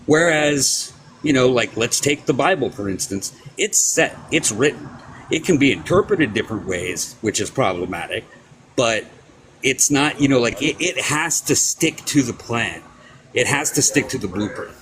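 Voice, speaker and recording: A man with a middle-pitched voice explains his view slowly and carefully on a live stream call. A faint background hiss sits under his voice. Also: animated, fairly bright tone, low-quality recording. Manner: measured, explanatory, slow with fillers. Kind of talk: casual live stream debate.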